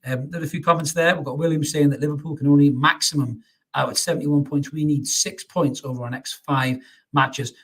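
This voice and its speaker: Fast-talking husky fan host. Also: male voice, on the high side, steady tone, a bit bright. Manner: chatty, calls everyone mate, many restarts. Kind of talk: live stream chat reading comments.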